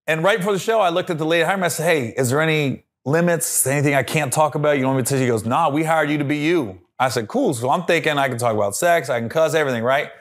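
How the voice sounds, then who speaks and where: Animated man telling a comedy story. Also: a little high, rapid-fire, hardly any pauses. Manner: animated storyteller, acts out voices and laughs. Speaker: comedian guest. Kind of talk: casual storytelling on a podcast.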